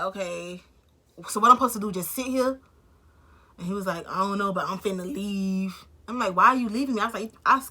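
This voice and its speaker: Bright-voiced woman telling a story. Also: medium pitch. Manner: animated, slangy and profane, acts out both sides of the dialogue. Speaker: vlogger. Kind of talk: casual storytime vlog.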